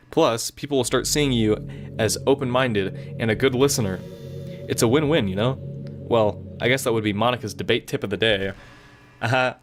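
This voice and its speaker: Man reading young female club president, sweet, possessive, gentle, self-conscious, plain read-aloud dialogue. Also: mid-range voice, close to an everyday voice.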